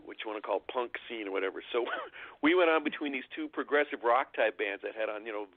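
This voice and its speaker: A man's voice: medium pitch, brisk, no room sound. Older man telling stories over a phone line. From Southern California. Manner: relaxed and chatty, laughs while telling stories. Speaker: guest musician. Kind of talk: casual radio interview storytelling. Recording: dry phone-line sound.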